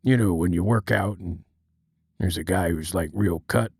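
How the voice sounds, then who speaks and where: A man imitating a low, gruff cartoon crab boss. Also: no room sound, studio quality. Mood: awkward probing. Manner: low, slow, hesitant, coaxing. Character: gruff middle-aged male crab boss, serious.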